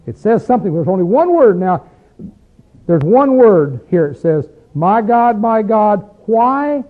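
A man with a high voice and wide pitch swings, speaking a little slowly, leads an interactive Bible study. He teaches emphatically, questions the group as he goes, and his voice climbs when he stresses a point. The recording sounds tinny, like a phone.

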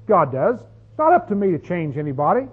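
A man's voice: high-pitched, big pitch swings, brisk, breathy edge. A man preaching a sermon as pastor, folksy and conversational, often asking the congregation questions. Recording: tinny phone-like sound.

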